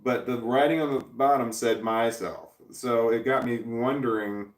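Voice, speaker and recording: This forties-aged livestreamer reads viewers' messages in a casual, rambling chat, chuckling and cursing freely. His mid-range voice has fairly even intonation and a measured pace, and the faraway mic makes it sound roomy.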